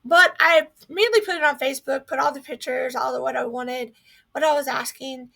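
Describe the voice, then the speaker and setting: Young woman from north carolina sharing a faith testimony, high voice with some gravelly fry. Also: fairly quick. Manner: earnest storytelling, lively quoted thoughts.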